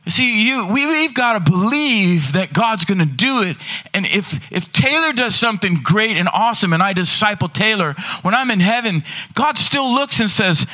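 A man preaching in a church, his voice sitting high and bright. He is animated and keeps firing rhetorical questions at the congregation. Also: normal speed. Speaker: pastor. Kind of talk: sermon.

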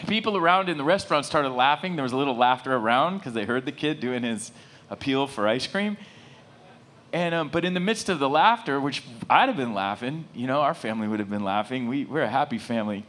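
Male pastor, middle-aged, rambling sermon storyteller with a bright, animated voice. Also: fairly high pitch, moderate pace. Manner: animated, rambling with many asides.

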